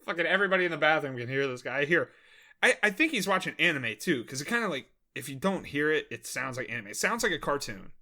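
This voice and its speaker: A young man from Maryland, a podcast host, telling animated, profane stories in casual chat and laughing often. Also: fairly high pitch, quick pace. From Maryland, USA.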